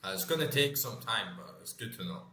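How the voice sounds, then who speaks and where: A man's voice: fairly low pitch, lively intonation, brisk, pushed and bright. Casual swearing man, roomy echo. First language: English. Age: 30s. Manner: rambling, swears freely, many fillers. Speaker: gaming channel host. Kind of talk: casual chat while playing. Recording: roomy echo, faint background noise.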